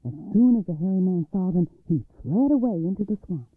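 A man reading a folktale aloud, expressive, shifting his pitch and volume. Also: a little fast, husky, dry recording. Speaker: storyteller. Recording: dry tinny phone-like line.

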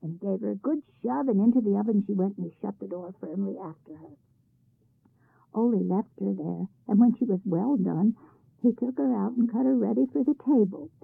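Husky woman reading a folk tale. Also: mid-range voice, a little fast, no echo. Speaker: storyteller. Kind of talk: scripted narration of a folk tale. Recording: tinny phone-like band-limited sound.

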